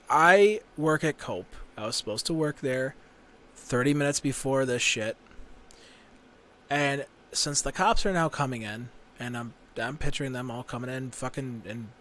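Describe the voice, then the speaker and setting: A man recounts a story on a casual podcast, swearing freely and speaking bluntly. His voice sits at an ordinary pitch. Faint room noise hangs behind him. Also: measured pace, fairly bright tone. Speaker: podcast guest.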